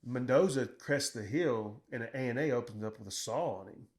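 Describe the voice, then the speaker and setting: A middle-aged man, a military veteran, telling combat stories in casual conversation, blunt and profane, acting out what he shouted. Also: medium pitch, moderate pace. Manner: profane, blunt, quotes himself in raised voice.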